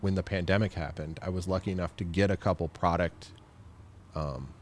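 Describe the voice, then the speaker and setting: A man's voice: low voice, steady tone, a little fast. A man talking as a photographer guest on a podcast, chatty, laughing often and acting out quotes. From United States. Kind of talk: casual podcast interview.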